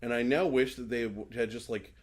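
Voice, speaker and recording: A man in mid-range pitch co-hosting a casual podcast. He rambles through stories, swears freely and laughs a lot. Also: fairly even intonation, a little fast. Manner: rambling, swearing, laughs often, retells scenes in put-on voices. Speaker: podcast co-host. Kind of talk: casual chat.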